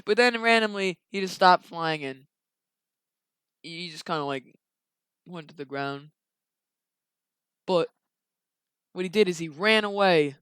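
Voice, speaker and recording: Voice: medium pitch, measured pace, long pauses, a bit bright, clear, resonant tone, no room sound. A young video creator casually retelling a story while drawing, rambling along with slangy asides.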